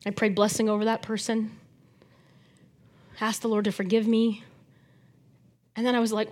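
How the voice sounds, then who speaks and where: A fairly high-pitched woman preaches at a moderate pace, leaving long pauses. Her sermon is animated, moving from loud emphasis to soft near-whispers, with occasional back-and-forth with the congregation.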